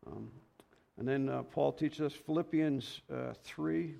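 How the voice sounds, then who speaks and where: A man's voice: mid-range voice, slow pace, vocal fry, mellow. A man giving an informal, rambling sermon in a folksy, anecdotal way, reading scripture aloud. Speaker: lay preacher.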